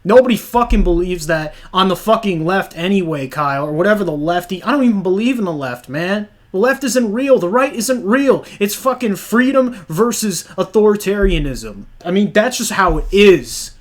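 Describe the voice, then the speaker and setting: A man's voice: sits high, lively intonation, moderate pace, hardly any pauses. A young man hotly arguing back at a clip, swearing a lot and rambling with many fillers. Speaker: channel host arguing with a clip. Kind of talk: heated comedic argument.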